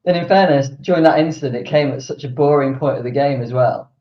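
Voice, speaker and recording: A man, a guest on a football podcast, relaxed, chatty and amused. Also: medium pitch, fast talker. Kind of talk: casual podcast chat. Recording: echoey, dull lo-fi remote audio.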